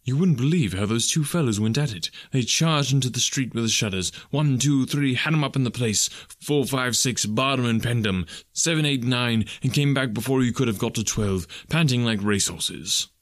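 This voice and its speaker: A man narrating a classic story as an audiobook, measured and expressive. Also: medium pitch, no room sound, clean studio sound.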